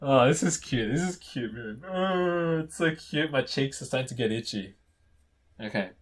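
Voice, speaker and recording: A man's voice: mid-range voice, moderate pace, husky. Giggly young man reading fan fiction. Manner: giggly, gushing, playful. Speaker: YouTuber.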